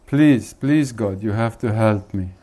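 A man's voice: fairly low pitch, measured pace, warm tone. A man voicing a desperate man who pleads and whimpers to God for help. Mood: pleading.

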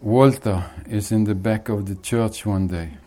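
A spiritual teacher with a warm, lowish voice tells a joke in casual talk. He takes his time and chuckles often as he goes.

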